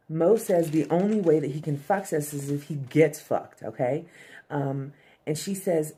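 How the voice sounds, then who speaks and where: A woman with a low, mellow voice talks through a TV episode scene by scene. She is chatty and casual, filling pauses with "um" and tossing asides to her viewers. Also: slightly rough. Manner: chatty, frequent "um", addresses viewers as fam and y'all. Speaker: TV episode recapper.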